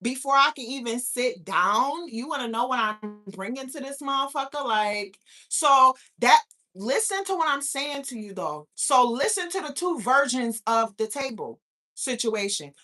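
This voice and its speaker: A woman's voice: sits high, lively intonation, unhurried, bright, forceful tone. A woman hosting a live stream, ranting in a profane, incredulous way and firing off rhetorical questions. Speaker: host of a live talk stream. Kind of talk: casual live-stream rant.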